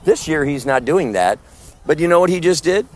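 A man's voice: fairly high pitch, lively intonation, brisk. A man preaching fervently in the street to one listener, firing rhetorical questions and condemnations. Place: outdoors at a public event.

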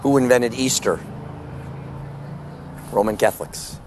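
A man's voice: medium pitch, a little slow, background noise. A man preaching fervently in the street to one listener, firing rhetorical questions and condemnations. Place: outdoors at a public event.

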